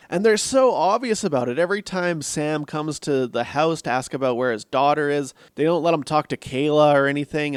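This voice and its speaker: A man's voice: on the high side, no echo, clean studio sound. A man giving a casual, blunt film review, swearing freely and laughing at his own jokes. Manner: blunt, profane and sarcastic. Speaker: movie reviewer.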